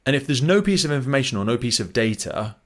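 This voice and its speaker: A man hosting a podcast interview, chatty and animated, often acting out quoted remarks. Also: mid-range voice, fast talker. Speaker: podcast host. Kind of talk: conversational interview.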